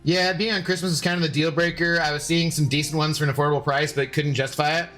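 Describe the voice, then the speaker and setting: A man's voice: on the high side, level tone, fast talker, a bit bright, soft background music. A young man streaming a game, chatting casually and jokingly with his viewers as he plays. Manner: chatty, rambling, joking with chat.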